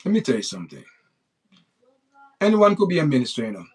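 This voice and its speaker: A man hosting his own livestream, talking off the cuff with no script. His voice sits at an ordinary, middle pitch. He rants bluntly and keeps repeating the same phrases as he circles back to his point. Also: huge pitch swings, quick pace, a little mellow, slightly rough. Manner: blunt, repetitive ranting. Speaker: livestream host. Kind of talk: unscripted livestream monologue.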